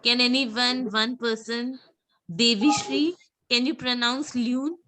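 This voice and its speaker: A woman's voice: a little high, steady tone, slow pace, pushed and bright, slight background noise. A woman teaching French pronunciation in a live class, patiently repeating words for students to echo and calling on them by name. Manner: calls on students by name and praises.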